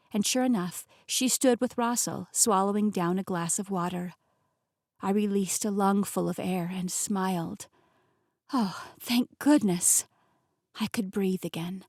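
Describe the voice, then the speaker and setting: Expressive woman narrating a novel. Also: mid-range voice, no room sound, clean studio sound. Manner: expressive, emotionally engaged storytelling. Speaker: audiobook narrator. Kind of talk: first-person fiction narration.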